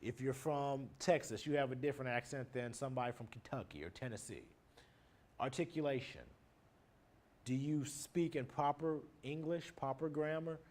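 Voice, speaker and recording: A married adult man, recorded teaching a class, defines nonverbal communication terms one after another with everyday examples in a plain lecture manner. He speaks at a moderate pace in a steady, mid-range voice with a darkish tone.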